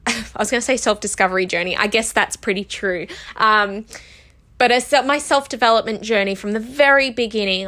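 Casting: woman, bright clear voice, candid self-help host, emotional, fighting tears. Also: mid-range voice. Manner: emotional, heartfelt, full of "like" and "you know". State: close to tears. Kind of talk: candid personal monologue.

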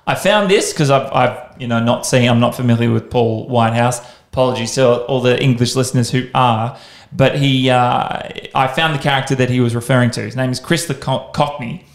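A man's voice: mid-range voice, a little fast. Aussie podcast guy rambling on, lots of restarts, roomy echo on the voice. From Australia. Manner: rambling, restarts sentences, enthusiastic. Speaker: podcast host. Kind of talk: casual podcast chat.

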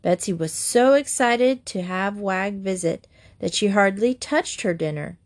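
A woman's voice: mid-range voice, unhurried. Woman reading a children's story. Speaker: narrator. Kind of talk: reading a children's book aloud.

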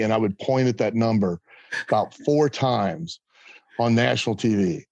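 A man's voice: lowish voice, moderate pace, darkish tone, no room sound. A man guest telling a story in a casual interview and acting out the other people's voices. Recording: dull lo-fi sound.

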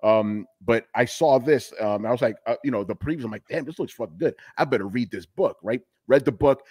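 A middle-aged man talking as a podcast guest in casual, animated chat, emphatic and swearing freely. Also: medium pitch, fairly quick, slightly rough, dry recording.

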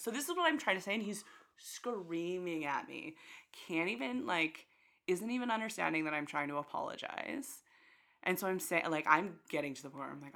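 A young woman in casual chat, telling a story in an animated way, acting out quotes and swearing freely. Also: on the low side, normal speed, creaky.

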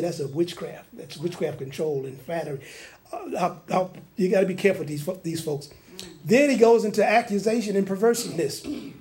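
A pastor with a high-pitched voice delivers an animated, humorous sermon in colloquial speech. He acts out the lines he quotes and adds laughing asides.

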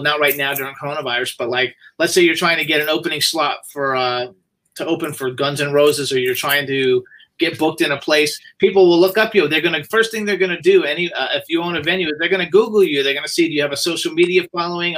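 A man's voice: a little high, bright, forceful tone, poor audio. A man who co-runs a PR agency, talking in a loose, rambling way full of fillers during a livestream interview. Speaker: PR agency co-owner.

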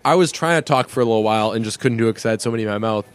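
A man's voice: fairly low pitch, rapid-fire, clear, resonant tone. A young man co-hosting a podcast in casual chat, rambling through stories and laughing often. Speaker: podcast co-host.

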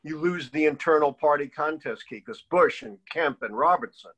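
His voice sits on the high side and keeps a moderate pace. The older man, a political historian being interviewed, tells stories with animation and imitates the voices he quotes, all captured on a low-quality recording.

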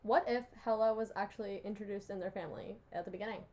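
A woman's voice: medium pitch, fairly even intonation, quick pace, mellow, lo-fi sound. A young woman chatting casually on a podcast, giggly and gushing, full of "like". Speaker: podcast co-host. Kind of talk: casual chat.

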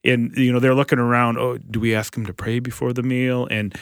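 A pastor in casual podcast conversation, speaking earnestly and haltingly with frequent restarts. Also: male voice, mid-range voice, level tone, no room sound, studio quality.

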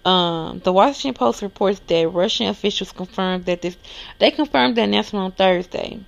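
A woman hosts her own podcast, reading news items aloud and commenting on them in a loose, chatty way. Her mid-pitched voice carries a gravelly fry. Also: moderate pace, muffled recording. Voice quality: lisp. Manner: casual, chatty, reads articles aloud then reacts. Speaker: podcast host.

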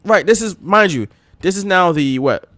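A man's voice: high-pitched, moderate pace, no echo, clean studio sound. A man co-hosting a casual wrestling podcast, telling stories with energy and acting out quotes. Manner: animated storytelling, acts out quotes in a raised voice. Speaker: podcast co-host.

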